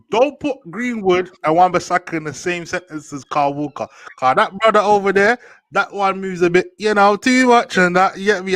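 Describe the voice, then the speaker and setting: A man's voice: sits high, no room sound. Young man host, slangy football banter, dry close sound. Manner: slangy, animated, repeats "do you get me". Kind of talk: casual football chat.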